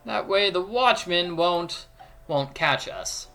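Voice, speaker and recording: A man's voice: sits high, expressive, takes it slowly, pushed and bright, faint music behind. A man giving a playful walkthrough of an adventure game, explaining each step and joking along. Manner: playful, explains steps, jokes and does voices. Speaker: let's play commentator.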